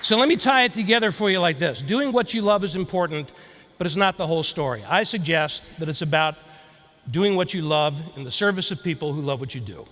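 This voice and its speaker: A man with a high voice gives a lively keynote talk, telling a story and turning to the crowd with questions. His voice rings with the long reverb of a large hall. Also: brisk. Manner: storytelling, animated, addresses audience directly. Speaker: keynote speaker. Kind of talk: motivational speech.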